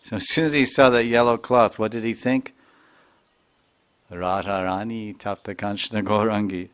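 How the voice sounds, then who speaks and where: A man, a spiritual teacher, narrating a devotional story in an animated lecture. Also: on the low side, normal speed, clean tone.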